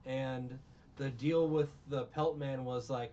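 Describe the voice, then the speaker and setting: A man's voice: mid-range voice, steady tone, slow pace, mellow. A man in casual chat recapping a film, rambling with restarts and incredulous rants. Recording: lo-fi with faint hiss.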